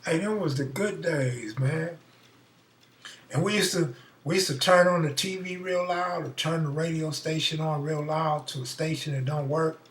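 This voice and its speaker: A middle-aged man, host of a live stream, telling a profane, animated story in a casual way and acting out the voices. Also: on the high side, moderate pace, roomy sound, far from the mic.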